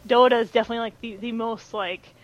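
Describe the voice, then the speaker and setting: A woman's voice: a little high, fairly even intonation, quick pace, muffled recording. A woman chatting as a podcast guest, talking loosely with many fillers and restarts. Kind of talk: casual chat.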